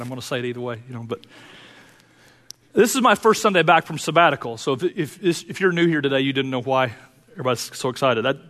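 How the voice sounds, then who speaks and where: An earnest male pastor delivering a sermon in a church sanctuary, his voice sitting a bit high for a man. He moves between fervent urging and quiet, personal confession. A long hall reverb trails each phrase.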